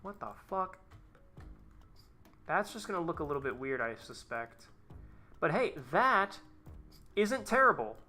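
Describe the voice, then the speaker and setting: A man chats live to his stream while tinkering with a design, cursing in exasperated bursts and wandering off into rambling asides. His voice sits a touch high and rings bright and forceful. Faint music plays behind him. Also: very animated, a little slow, pauses often.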